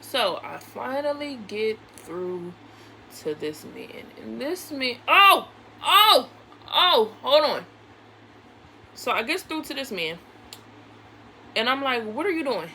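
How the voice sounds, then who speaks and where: A woman with a slightly high voice tells a story while she does her makeup. She is chatty and animated, acts out everyone she quotes, and swears casually, with a faint hiss of noise under her voice. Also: a little slow, vocal fry, poor audio. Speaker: beauty vlogger.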